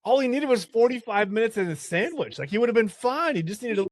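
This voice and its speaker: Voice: mid-range voice, big pitch swings, fast, dry recording, clean studio sound. A co-host in a casual chat, cracking jokes and reacting with laughter. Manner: joking, reacting with laughs and quips.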